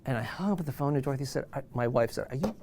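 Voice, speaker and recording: A man in his sixties, an animal trainer, telling an anecdote in an animated way and acting out the voices of the people in it. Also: medium pitch, racing, noisy background. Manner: animated, acts out quoted voices. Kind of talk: storytelling anecdote.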